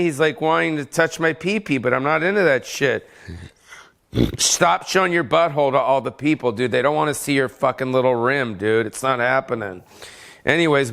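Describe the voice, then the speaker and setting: A gravelly, medium-pitched voice with a bit of brightness belongs to a comedian podcast host. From home, he rambles through an unscripted rant laced with swearing and humor.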